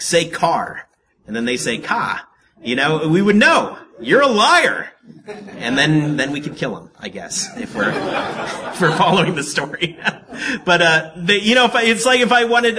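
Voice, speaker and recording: A man's voice: mid-range voice, slight background noise. Joking man preaching a casual sermon. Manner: casual, joking, lively storytelling. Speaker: pastor.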